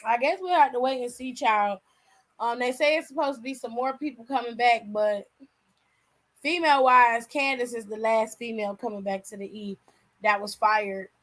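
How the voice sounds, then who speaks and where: A woman's voice: a little high, a bit bright, poor audio. A woman hosting a wrestling channel, chatting casually and slangily with viewers on a live stream while tired and yawning.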